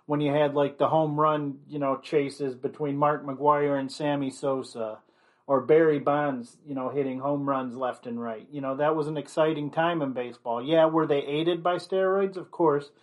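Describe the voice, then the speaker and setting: A man's voice: fairly high pitch, steady tone, normal speed. A man giving an opinionated commentary monologue, blunt and rambling, leaning on constant "you know" fillers.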